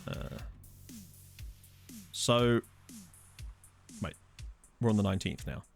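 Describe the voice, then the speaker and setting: This time his voice is on the low side, gravelly and slow. The young gaming channel host still chats and jokes casually while playing a football management game, reacting to the match through a desktop studio mic as faint game music plays behind.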